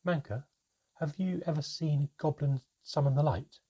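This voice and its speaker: A man's voice: a little high, normal speed, dark tone, slightly rough, muffled recording, pitched above the performer's own voice. A man voicing a timid, curious young goblin child who asks nervous, breathless questions.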